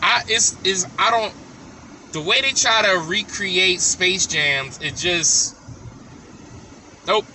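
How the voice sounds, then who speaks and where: A man's voice: sits high, slow pace, long pauses, sharp tone, a little hiss or hum. A man vlogging casually to his viewers, giving blunt, opinionated verdicts and repeating them for emphasis. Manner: talks straight to viewers.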